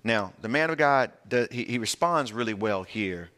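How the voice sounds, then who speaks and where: A man's voice: mid-range voice, expressive, moderate pace, sharp tone. A male pastor, teaching a verse-by-verse Bible sermon in a conversational, emphatic way and using plain everyday words.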